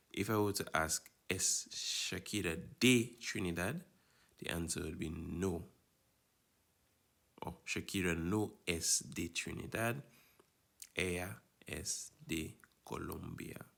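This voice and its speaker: Patiently teaching a Spanish lesson and checking in with his students as he goes, this man has a deep voice with vocal fry and a slight brightness. The talk is a recorded lesson walkthrough.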